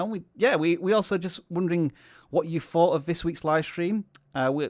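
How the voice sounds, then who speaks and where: A man's voice: on the high side, dry recording, studio quality. A man with a Yorkshire accent hosting a casual livestream over a video call, chatty and self-deprecating. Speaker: livestream host.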